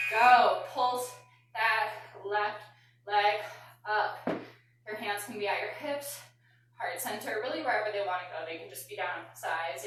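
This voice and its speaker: Out of breath and exhaling audibly, a woman coaches a live workout class through counts as its fitness and yoga instructor. She speaks at a medium pitch with a slightly bright tone, recorded from afar in a very echoey room with faint noise.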